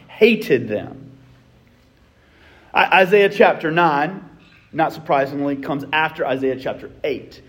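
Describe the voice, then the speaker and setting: A man preaching a sermon in a conversational way, often repeating words and asking his listeners questions. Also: high-pitched. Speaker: pastor.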